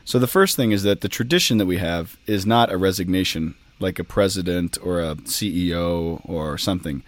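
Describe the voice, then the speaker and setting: A priest with a fairly low voice talks through church matters on a podcast. He is chatty and explains things with jokes and asides. The sound is dry and close. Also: normal speed, hardly any pauses, no echo. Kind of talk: casual podcast chat.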